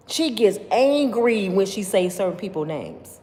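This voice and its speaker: Animated, preachy woman commentator. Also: mid-range voice, measured pace, few pauses, big-room sound. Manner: emphatic, preachy, full of rhetorical questions. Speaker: commentary vlogger. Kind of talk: opinionated celebrity commentary.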